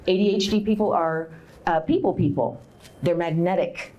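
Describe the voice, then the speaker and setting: A middle-aged woman giving a live workshop talk at a conference, direct and encouraging, laughing often and jumping into high voices to act out inner thoughts. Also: normal speed. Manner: animated, acts out inner voices with big pitch jumps. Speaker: conference speaker. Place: conference room.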